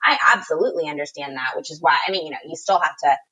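A woman's voice: deep voice, rapid-fire, bright, forceful tone, husky. A woman in casual conversation, upbeat and chatty, offering friendly advice about spending, full of fillers. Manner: upbeat, chatty, calls people girl, lots of you know. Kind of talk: casual chat.

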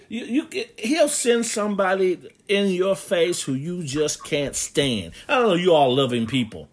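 A man preaching a sermon, reading scripture aloud and swinging between loud emphatic bursts and quiet, low asides.

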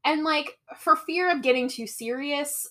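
A woman's voice: sits high, a little slow, bright, forceful tone. A young adult woman co-hosting a podcast, recapping a film in casual, filler-heavy chat and laughing often. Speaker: podcast co-host. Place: Portland area, Oregon.

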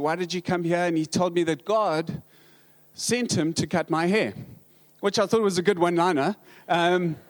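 A man with a South African accent, a pastor telling humorous stories in a sermon, halting with many restarts and dry humor. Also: high-pitched.

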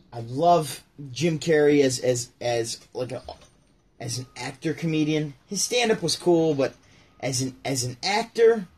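A man hosts his own casual show, rambling about comedy with lots of restarts and side remarks. His voice is a bit high and husky. He talks loosely and informally, like a home recording. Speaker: show host. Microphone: home setup near a window.

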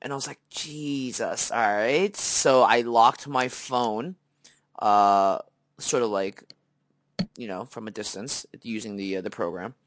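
A young man tells a story on a podcast with casual energy, putting on the voices of the people in it and filling the gaps with lots of "like" and "you know." His voice sits at a middle pitch and is recorded close and dry. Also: dry recording. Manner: animated storyteller, acts out quoted dialogue, many fillers. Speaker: podcast co-host.

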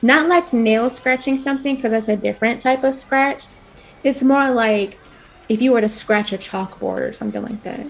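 Brief: young woman podcast co-host, higher voice, relaxed and talkative. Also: moderate pace. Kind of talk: casual chat.

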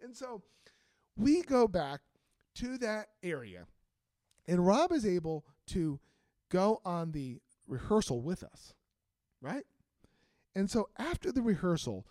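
Lively animated man telling a story. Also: measured pace, no room sound. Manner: animated, acts out quotes with big pitch jumps. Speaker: band director and teacher. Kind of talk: casual storytelling chat.

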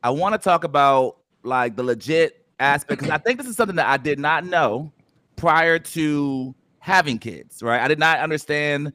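A man's voice: on the high side, moderate pace, pushed and bright, dry recording. A man hosting a casual podcast chat, playful and loose, with plenty of fillers as he leads the talk. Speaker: podcast host.

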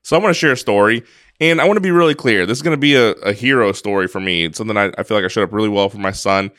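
A man's voice: fairly low pitch, rapid-fire, a bit bright, no echo, clean studio sound. A man co-hosting a podcast, telling a personal story in an earnest, casual way, often restarting his sentences. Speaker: podcast co-host.

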